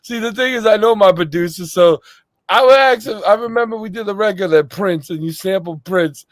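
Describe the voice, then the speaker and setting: A man hosting a casual podcast chat, telling stories animatedly with loud laughs and acted-out voices. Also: high voice, brisk, no room sound. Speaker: podcast host.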